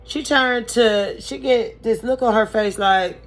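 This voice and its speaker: A woman's voice: a little high, slow, faint music behind. Chatty, sassy woman doing a makeup storytime. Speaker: beauty vlogger.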